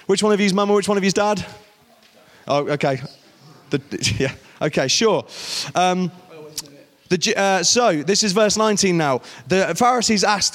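Guy doing a youth talk, playful, bossing volunteers around, high voice, big hall echo. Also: normal speed, a bit bright. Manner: playful, directs volunteers on stage. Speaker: guest youth speaker.

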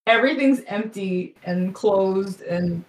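A woman's voice: mid-range voice, slow pace, poor audio. A woman playing a tabletop game, chatting animatedly and swearing freely. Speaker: player. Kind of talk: casual chat at a game table.

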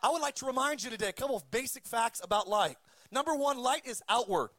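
A man preaching a sermon, calling for amens and punching his points with shouted peaks. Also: very high-pitched, animated, quick pace, no room sound. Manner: emphatic preaching with amen calls and shouted peaks. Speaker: pastor.

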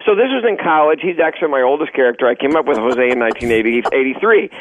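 A man's voice: medium pitch, fast talker, dry recording, dull audio. A man, a guest ventriloquist, telling stories in a casual radio interview and laughing often. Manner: animated storyteller, laughs often. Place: radio studio.

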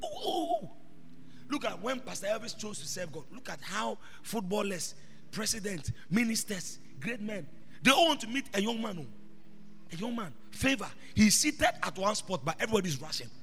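A man preaching a sermon as an apostle, shifting between quiet asides and shouted proclamations. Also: sits high, animated, normal speed, gravelly, a little hiss or hum. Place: church hall. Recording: reverberant church hall with music behind.

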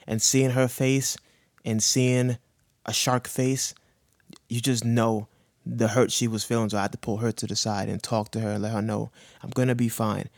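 A man's voice: fairly low pitch, level tone, normal speed, gravelly, dry recording, studio quality. A man in his thirties on a podcast, talking earnestly about his cancer with heavy slang and profanity, choked up. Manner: earnest, emotional, urges listeners with slang and profanity. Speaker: guest sharing his cancer diagnosis. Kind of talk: candid podcast conversation.

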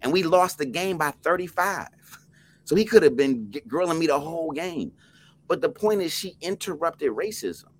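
A middle-aged man from New Jersey, a podcast guest telling a story in an animated, emphatic way with restarts. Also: fairly high pitch, moderate pace.

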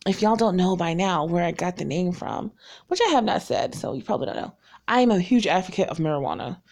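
A woman's voice: lowish voice, lively intonation, quick pace, darkish tone. Woman, about forty, from North Carolina. Casual vlogger, rambling, candid, laughs a lot. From North Carolina, raised in Virginia. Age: around 40. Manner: rambling, chatty, laughs often; frank and self-deprecating. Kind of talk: casual chat to viewers.

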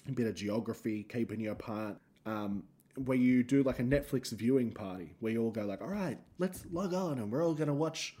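A man's voice: medium pitch, warm tone. An Australian man hosting a solo podcast, rambling and self-mocking as he tells stories. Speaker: podcast host and comedian.

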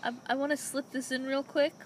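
Joking high-voiced woman in casual chat. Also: flat delivery, a little hiss or hum. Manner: joking, swears freely, quick reactions. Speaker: podcast co-host.

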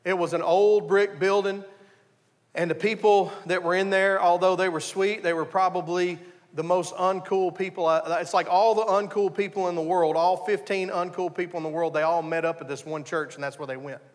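A man's voice: high voice, fairly even intonation, moderate pace, in a large hall. A man preaching a conversational sermon, telling his story earnestly and often restarting his sentences. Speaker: pastor.

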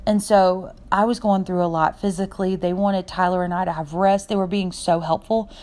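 A young woman talks through her podcast off the cuff, sincere and heartfelt, and drifts from one point to the next. Her voice sits a little low for a woman. She speaks in a loose, personal monologue with no notes. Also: fairly even intonation, moderate pace, a little mellow. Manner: rambling and heartfelt, jumps between points. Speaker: podcast host.

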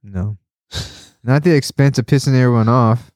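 A man's voice: medium pitch, moderate pace, darkish tone, dry recording, studio quality. A man hosting a casual podcast chat, rambling and swearing a lot, laughing often and getting worked up when he complains. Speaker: podcast host.

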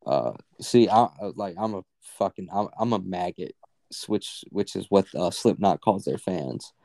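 A man's voice: sits low, animated, a little slow, gravelly, mellow, no echo. A young man co-hosting a podcast, rambling in casual, unscripted chat full of fillers and swearing. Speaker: podcast co-host.

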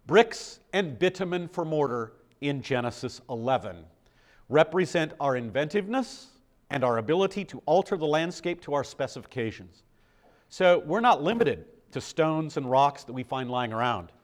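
A man's voice: on the high side, lively intonation, normal speed. An older American man preaching a sermon in a conversational way, asking the congregation questions. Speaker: pastor.

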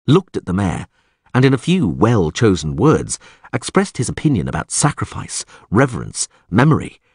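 A man narrates a fantasy audiobook with lively, dramatic swings in his reading. His voice is low and husky. It is recorded dry and close, with no room sound. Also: dry recording.

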